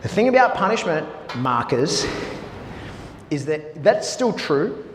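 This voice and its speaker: A man with a somewhat high voice explains dog training bluntly and casually, swearing often and tagging his points with "right?". He is recorded in a reverberant room with a long echo tail, and a faint hiss sits under his voice. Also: big pitch swings, slow. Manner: blunt, profane, peppered with "right?". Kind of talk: casual teaching talk.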